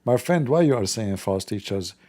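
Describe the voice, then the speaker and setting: A man's voice: fairly low pitch, expressive, normal speed, dark tone. A middle-aged man hosting a livestream, shifting between casual chat and blunt, mocking preaching in broken grammar. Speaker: livestream host.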